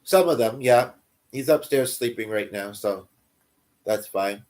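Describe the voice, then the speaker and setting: A man's voice: mid-range voice, a little slow, darkish tone. A man livestreaming in casual chat, answering viewers in a rambling, self-deprecating way and chuckling often.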